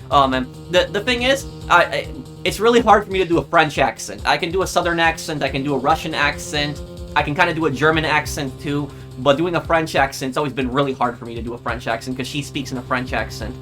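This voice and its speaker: A man's voice: fairly high pitch, fast, sharp tone. Rambling male game commentator. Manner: rambling, stumbling restarts, lots of um. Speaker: let's play commentator. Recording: game music behind voice.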